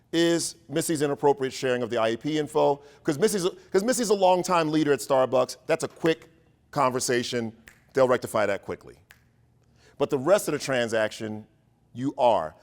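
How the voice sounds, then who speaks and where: Speaking at a medium pitch, this man leads an educators' workshop, where he tells an animated, fun story and kids around with his listeners.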